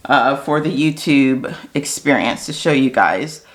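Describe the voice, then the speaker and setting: An American woman talking casually to her viewers in a chatty, animated way, with fillers and asides. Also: extremely low pitch, measured pace. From United States. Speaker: vlogger. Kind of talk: casual chat to camera.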